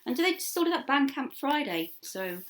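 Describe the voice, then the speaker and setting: A woman co-hosting a live online show, chatty and full of quick asides. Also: sits high, sing-song. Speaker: co-host.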